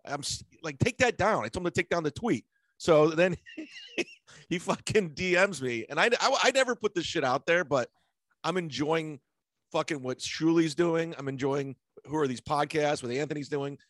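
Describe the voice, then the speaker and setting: A man's voice: fairly high pitch, lively intonation, normal speed, a bit bright, no echo. Blunt, profane man on a dry mic. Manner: blunt, profane storytelling with mocking impressions. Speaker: podcast host. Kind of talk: casual comedy podcast chat.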